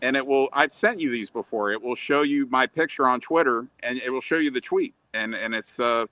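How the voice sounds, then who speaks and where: A man's voice: mid-range voice, brisk, pushed and bright, dry recording. A man on a podcast rambling through a story as a wrestling fan, swearing freely. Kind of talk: casual storytelling.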